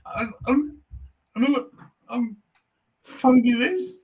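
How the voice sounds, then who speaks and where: Pitched extremely high and husky, this man speaks slowly as a comedian guest spinning anecdotes in loose conversation. He swears freely and acts out what other people, including audience members, said.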